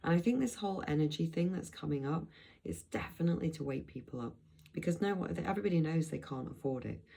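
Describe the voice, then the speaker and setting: A woman's voice: low-pitched, animated, quick pace, creaky, warm tone, husky, rough recording. A middle-aged woman from Blackpool, chatting in a loose, rambling vlog with frequent restarts and asides. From England, Blackpool. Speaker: vlogger. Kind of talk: rambling travel vlog chat.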